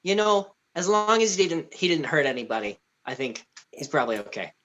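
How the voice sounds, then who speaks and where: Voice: mid-range voice, sing-song, brisk, a bit bright. A tabletop game player who narrates playfully and laughs often. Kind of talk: tabletop role-play.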